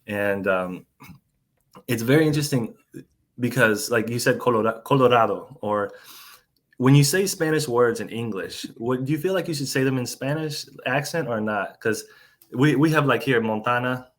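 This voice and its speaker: A man's voice: mid-range voice, lively intonation, moderate pace. A man from the United States hosting a podcast interview, talking casually with many restarts and fillers over a remote call.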